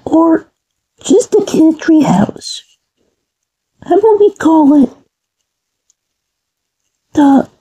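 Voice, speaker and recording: A very high, squeaky cartoon character, voiced by a woman, chirpy and naive, rambling eagerly through its ideas. The delivery is slow and drawn out, and the tone sits soft and mellow rather than bright. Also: exaggerated voice. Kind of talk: fan cartoon voice acting.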